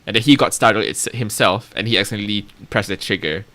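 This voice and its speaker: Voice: deep voice, quick pace, sharp tone. A streamer casually commenting while playing a story game, thinking aloud and joking about their own voices.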